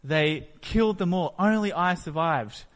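A man voicing a panicked male servant who rushes in with disaster news, frantic and breathless. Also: a little high, fairly bright tone, long reverb tail, natural voice. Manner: frantic, breathless, repeating the name.

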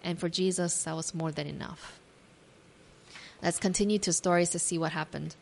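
A woman giving a devotional talk, reading scripture aloud and retelling the story imaginatively with gentle asides to the listener. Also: fairly low pitch, steady tone, moderate pace, gravelly, slight background noise. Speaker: devotional speaker.

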